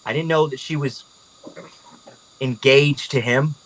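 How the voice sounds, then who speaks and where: A woman's voice: very deep voice, fairly even intonation, a little slow, low-quality recording. A man voicing a fiery, bitter young woman. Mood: apologetic. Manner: swears, swings between apology and anger.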